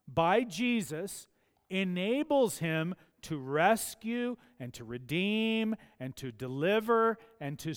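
A man preaching a sermon, emphatic and building to forceful peaks. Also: high voice, clean tone. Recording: long church hall reverb.

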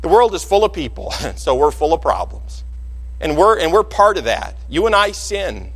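A man preaching a sermon in a church sanctuary, his voice sitting high for a man. He tells the story with animation and acts out the voices he quotes. A long reverb from the hall hangs behind every phrase. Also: very animated, normal speed, slightly rough. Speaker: pastor.

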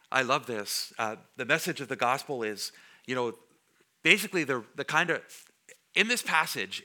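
Bright-voiced pastor preaching conversationally. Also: male voice, mid-range voice. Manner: conversational, jokes with the congregation. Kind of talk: sermon. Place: church before a congregation.

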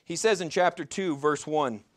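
A man's voice: fairly high pitch, moderate pace. A man preaching a sermon in a conversational way, asking his listeners rhetorical questions and sometimes stumbling and restarting. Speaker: pastor.

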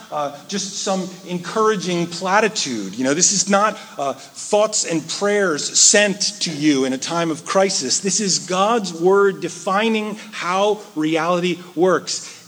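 Male pastor, sermon delivery, slightly high voice, dramatic swings from loud to hushed. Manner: animated, shifts from loud emphasis to hushed asides.

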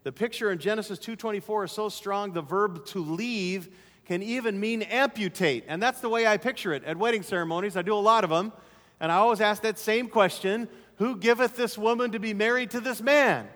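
Middle-aged male pastor, high voice, emphatic sermon delivery, long church-hall reverb. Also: fairly quick. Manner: emphatic preaching, repeats key phrases, drops to soft asides.

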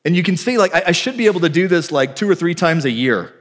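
A man preaching a sermon as a pastor. He tells a story with lively animation, acting out dialogue and swinging between loud and hushed delivery. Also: a little high, fast talker.

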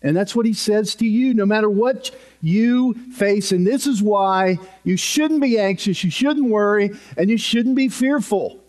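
A male pastor delivers a sermon in a fairly high voice. He speaks slowly and deliberately. He is earnest and emphatic, driving his points home by repeating them. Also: a little mellow.

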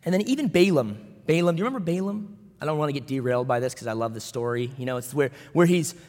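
Man, pastor; conversational sermon with asides, light high voice, long hall reverb. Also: expressive, fast talker, a little mellow.

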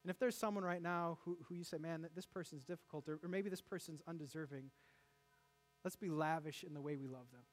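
A man preaching a sermon as pastor, animated, with jokes and asides to the congregation in a church. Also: fairly high pitch, fast talker.

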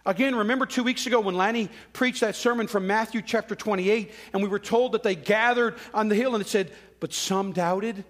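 A man's voice: high voice, fairly quick, few pauses, a bit bright. A man preaching a sermon in a conversational way, acting out quoted voices. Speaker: pastor.

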